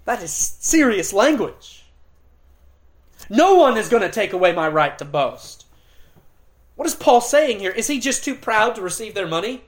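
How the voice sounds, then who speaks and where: A middle-aged pastor delivering an expository sermon, earnest and emphatic, with dramatic pauses and occasional restarts. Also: male voice, high voice, sing-song.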